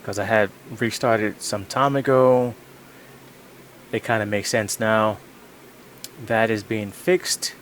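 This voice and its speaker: A man's voice: fairly low pitch, fairly even intonation, slow pace, pauses often, fairly bright tone, a little hiss or hum. A man chatting casually on a live stream from his home gaming setup into a desk microphone, rambling and repeating phrases over and over.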